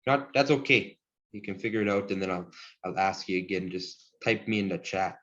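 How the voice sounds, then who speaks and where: A man teaching a Cree language class over a video call, friendly and encouraging, chuckling often and slowing down to model each word. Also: sits low, fairly bright tone. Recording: dull lo-fi video call audio.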